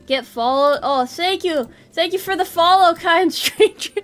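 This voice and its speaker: High-pitched woman streamer, rambly jokey chat, little music in the back. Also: unhurried, hardly any pauses. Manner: rambling, self-deprecating jokes, nervous laughs. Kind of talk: casual game livestream chat.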